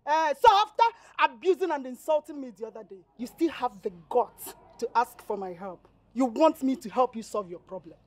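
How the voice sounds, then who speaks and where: A woman's voice: a little high, expressive, a little fast. An actress playing a fiery young village woman with a Nigerian accent who scolds and insults a man. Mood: angry. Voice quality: sharp, scolding. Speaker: actor.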